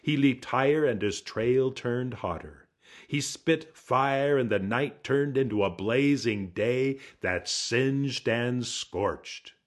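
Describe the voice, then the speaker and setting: A man telling a folk tale in a slow, hushed, dramatic way. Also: medium pitch. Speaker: storyteller. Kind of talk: storytelling narration.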